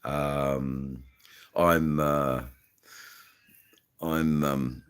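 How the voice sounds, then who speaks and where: Australian man, very deep voice, slow unhurried talk, rambling live chat, smoking as he talks. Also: fairly even intonation, clear, resonant tone. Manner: rambling, halting, full of fillers and slang; smoking while talking. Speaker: livestream host. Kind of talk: casual live-stream chat.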